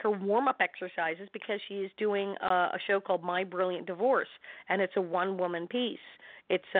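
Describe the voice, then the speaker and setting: A woman's voice: medium pitch, dry recording. Chatty woman on a tinny phone line. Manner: animated, chatty, laughs often. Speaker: guest actress. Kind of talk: casual interview storytelling.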